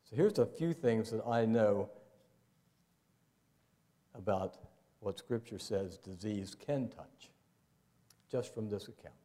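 Older male pastor, folksy and mellow. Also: takes it slowly, pauses often. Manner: conversational, folksy, jumps into high playful voices for asides. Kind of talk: sermon. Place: church sanctuary.

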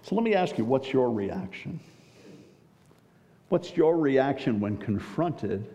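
A man's voice: mid-range voice, dark tone. A man preaching a Bible teaching sermon, putting rhetorical questions to his listeners. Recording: dull recording with long hall reverb.

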